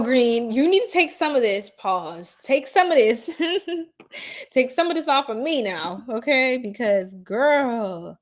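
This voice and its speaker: Giggly woman on a live stream chatting w her viewers, kinda high voice, flustered. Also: lively intonation, takes it slowly. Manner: giggly, flustered, talks straight to chat. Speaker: astrology livestream host. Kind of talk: casual livestream chat with viewers.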